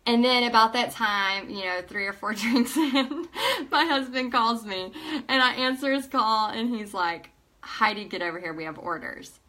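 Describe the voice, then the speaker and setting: A woman nearing forty tells a personal story to her viewers, emotional and animated, acting out what people said. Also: on the high side, normal speed. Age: almost 40. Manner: emotional, animated retelling with acted-out quotes. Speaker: paint party instructor.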